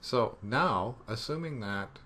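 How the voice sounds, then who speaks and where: A man teaching programming in a relaxed screencast, thinking aloud as he debugs and joking about his own mistakes. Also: medium pitch, slow pace, slight background noise. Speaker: programming instructor. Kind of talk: screencast coding tutorial.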